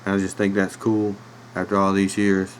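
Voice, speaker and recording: A man in his thirties with a relaxed Virginia accent spins a rambling podcast story full of fillers and side remarks. His voice sits on the low side. A faint air conditioning hum runs underneath the home recording. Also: moderate pace, low-quality recording. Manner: laid-back rambling with fillers and laughs. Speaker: podcast host. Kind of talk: casual storytelling. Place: home room with a dog nearby.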